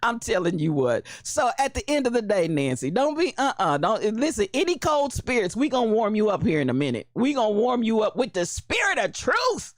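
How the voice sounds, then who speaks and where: Animated woman livestream host. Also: a little high, a little fast, hardly any pauses, no room sound, studio quality. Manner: animated, playful, laughs often, calls out viewers by name. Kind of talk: casual livestream chat greeting viewers.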